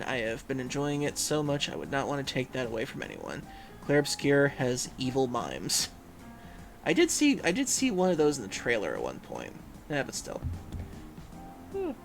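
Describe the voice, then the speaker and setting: A man's voice: medium pitch, huge pitch swings, normal speed, vocal fry, pauses often, soft background music. A man hosting a livestream in casual chat, reading viewers' messages aloud and musing with frequent hums and fillers. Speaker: livestream host.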